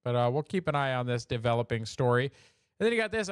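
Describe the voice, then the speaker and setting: A man's voice: mid-range voice, big pitch swings, quick pace, clean tone, no room sound. Chatty man with a dry close sound. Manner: joking and chatty, laughs at own jokes. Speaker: show host. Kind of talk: casual commentary on memes.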